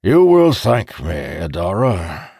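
A man's voice: fairly low pitch, very animated, slow, creaky, mellow, breathy edge, no echo, clean studio sound, pitched above the performer's own voice, exaggerated voice. A man voicing a cold, controlled male commander who gives firm orders. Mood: commanding.

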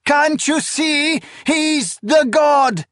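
A man voicing a desperate young woman, sobbing and shrieking her pleas in a high, strained voice, in an audiobook reading. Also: extremely slow, a bit bright, no room sound, studio quality, heavily acted. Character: young woman, desperate and grief-stricken wife.

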